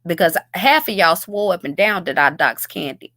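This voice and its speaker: A woman's voice: fairly low pitch, lively intonation, moderate pace, pushed and bright, no room sound. Woman ranting, profane and scornful, commentary host, dry close sound.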